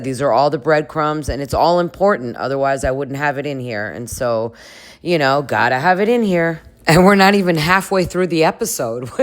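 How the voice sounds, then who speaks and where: A vlogger chatting casually through a reality TV recap, gossipy and full of fillers and laughter. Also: medium pitch.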